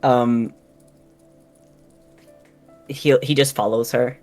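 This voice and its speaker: A player at a live tabletop game who speaks hesitantly, with many pauses and ums. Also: mid-range voice, fairly even intonation, a little mellow, faint music behind. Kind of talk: casual play at a tabletop game on a stream.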